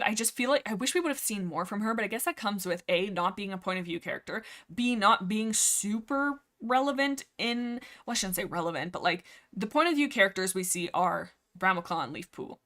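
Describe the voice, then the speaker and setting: A woman's voice: mid-range voice, a bit bright. A young woman hosting a casual livestream, rambling happily about a book series with plenty of fillers and restarts. She keeps jumping back to correct herself and add side comments as she goes. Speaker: livestream host.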